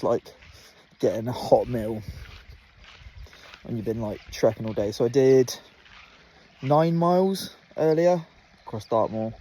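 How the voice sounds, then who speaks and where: Young guy, laid-back camping vlogger, mellow tone, swears freely, faint outdoor noise. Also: mid-range voice. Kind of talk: casual outdoor vlog. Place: outdoors on open moorland, camping.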